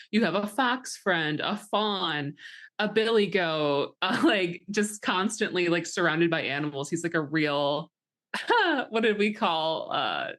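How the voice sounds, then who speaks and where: A laid-back woman with a fairly low voice co-hosts a casual podcast chat. She laughs often and chimes in with quick agreement while retelling scenes. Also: fairly bright tone. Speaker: podcast co-host.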